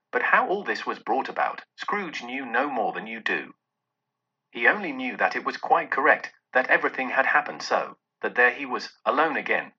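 A man's voice: mid-range voice, slightly rough. A man expressively narrating a classic novel aloud. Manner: expressive storytelling. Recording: dull lo-fi audio.

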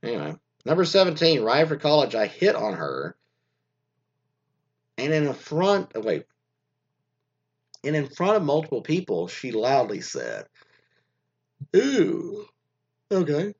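A man's voice: mid-range voice, huge pitch swings, moderate pace, long pauses, lo-fi sound. A man hosting a casual podcast, reading out listener stories and rambling about them in a crude, meandering way full of fillers and restarts.

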